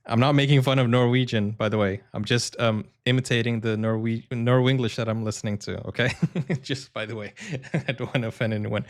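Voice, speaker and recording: A man's voice: lowish voice, normal speed. A man who is an English teacher and a native Portuguese speaker, chatting casually and hesitantly as a reaction video host. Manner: chatty, hesitant, many ums and self-corrections.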